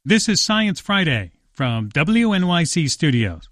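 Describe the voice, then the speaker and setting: Lively-voiced male radio host, dry studio. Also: on the high side, measured pace, no room sound. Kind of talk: radio interview.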